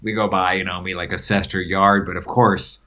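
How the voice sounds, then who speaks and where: A man's voice: deep voice, level tone, normal speed, bright, forceful tone. A man telling rambling stories in a casual conversation, with many fillers and frequent laughs. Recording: dull lo-fi recording.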